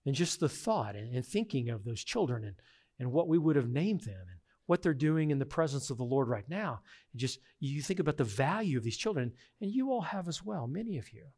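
A middle-aged man preaching a sermon as pastor, earnest and emphatic, swinging between hushed reflection and forceful insistence. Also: medium pitch, sing-song, brisk.

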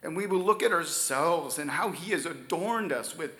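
A man preaching a sermon, stressing key words loudly and then dropping to near-whispers. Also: fairly high pitch, animated, normal speed, echoey room. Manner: emphatic preaching, swings from loud stresses to soft near-whispers. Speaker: pastor.

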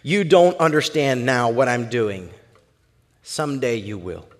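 A man preaching who voices a calm, gentle male teacher, dropping low and quiet and speaking slowly. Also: lightly acted. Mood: gentle firm. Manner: soft, slow and low.

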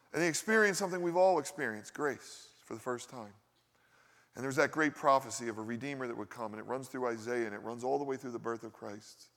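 A man's voice: medium pitch, fairly bright tone, in a large hall. A male pastor preaching a sermon in a conversational style, asking his listeners rhetorical questions.

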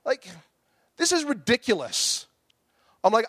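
A man preaches in a fairly high voice, recorded close and dry with no room around him. He tells a story from his life, acting out his own angry outbursts and the softer replies. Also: wildly swooping pitch, normal speed, long pauses, no echo. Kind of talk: storytelling sermon.

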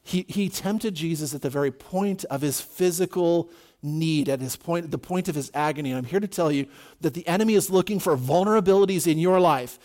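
A man's voice: on the high side, fairly quick, a little mellow. A pastor preaching a conversational sermon to his congregation, often saying "you know" and restarting his sentences. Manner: casual, repeats words and restarts, says "you know" often.

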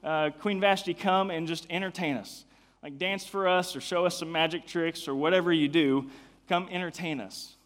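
A man plays a brash, boastful king who tosses off orders in casual slang. His voice sits a bit high and gets loud. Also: fairly even intonation, normal speed, in a large hall, natural voice. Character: boastful young king throwing a party.

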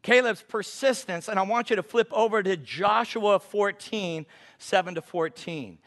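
A man with a notably high voice preaches with emphasis, stretching out his scripture quotes. He sounds middle-aged and speaks as a guest preacher. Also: unhurried, fairly bright tone. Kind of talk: sermon.

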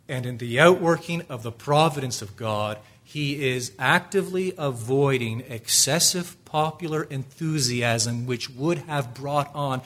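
A man preaching a sermon as pastor, emphatic, with repeated rhetorical questions, swinging from hushed lines to loud, urgent ones. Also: mid-range voice.

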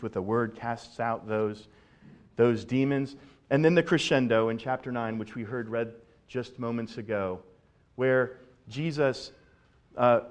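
Conversational male pastor preaching. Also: medium pitch. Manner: conversational, animated preaching with repeated words. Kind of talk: sermon.

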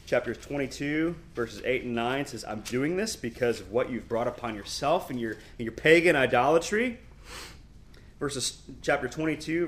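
A middle-aged man teaching a Bible lesson, reading scripture aloud with emphatic, animated delivery and quick asides. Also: mid-range voice.

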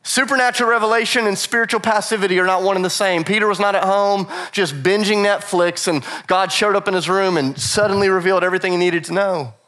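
A man preaching a sermon, animated and repetitive for emphasis, acting out scripture quotes in casual voices. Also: high voice. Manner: repeats phrases for emphasis. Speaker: pastor.

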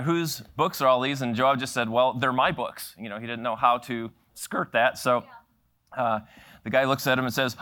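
A middle-aged man preaching a sermon, telling a story with lively acted-out quotes and frequent laughs. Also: on the high side. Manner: animated storyteller acting out quoted voices, laughing often. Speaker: pastor.

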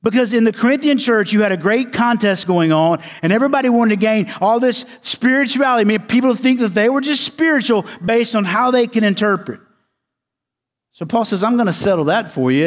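In a large hall, a male pastor preaches a sermon emphatically, repeating key words and sometimes dropping to quiet, low tones for emphasis.

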